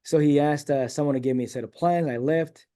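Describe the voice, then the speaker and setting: Man, middle-aged, guest storyteller, mellow and warm tone, rambling and animated. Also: on the high side, a little fast. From San Diego, California. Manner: rambling, animated storyteller who acts out quoted dialogue. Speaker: interview guest. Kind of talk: casual storytelling interview.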